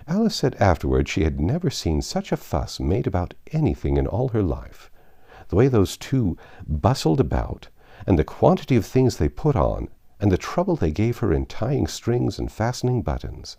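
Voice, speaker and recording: Deep, gravelly male storybook narrator. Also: normal speed. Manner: expressive, theatrical reading. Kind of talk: scripted narration of a classic novel.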